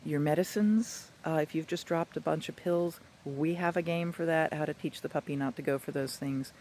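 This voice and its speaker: A man working as a dog trainer, giving an instructional talk in a chatty, animated way with playful asides. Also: a little high, normal speed, a little hiss or hum.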